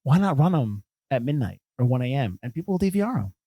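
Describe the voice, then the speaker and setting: A man co-hosting a casual film podcast, rattling along at a quick clip. He rambles and restarts his sentences as he gets going. The sound is dry and close, with no room. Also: medium pitch, no echo. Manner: fast, animated, rambly with restarts. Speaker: podcast co-host. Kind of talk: casual chat.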